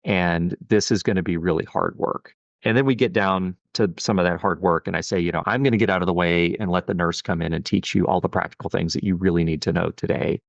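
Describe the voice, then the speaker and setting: A man's voice: low-pitched, fairly even intonation, brisk, gravelly, no room sound, lo-fi sound. A middle-aged man, a pediatric endocrinologist, talking earnestly and thoughtfully in a podcast interview, often saying "you know". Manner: earnest, reflective, with many "you know" fillers.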